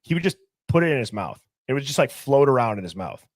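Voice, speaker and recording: A man's voice: medium pitch, very animated, quick pace, no echo, clean studio sound. A young man hosting a livestream, talking casually and animatedly, firing off rhetorical questions. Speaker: livestream host.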